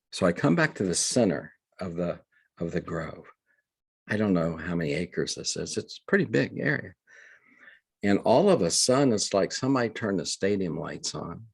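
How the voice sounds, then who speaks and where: Older man, deep voice, earnest halting storyteller, interview guest. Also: creaky, breathy edge, no echo. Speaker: guest, reverend. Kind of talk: conversational storytelling.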